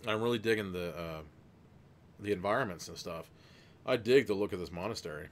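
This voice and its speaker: Speaking a little fast in a low-pitched voice, a man casually reads a gamebook aloud on his livestream as chat votes. Between passages he rambles and laughs.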